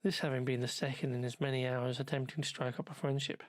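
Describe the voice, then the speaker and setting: A man's voice: mid-range voice, fairly even intonation, quick pace, no room sound. A man, ill with covid, narrating a travelogue in a dry, sardonic, wordy manner. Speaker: travel vlogger.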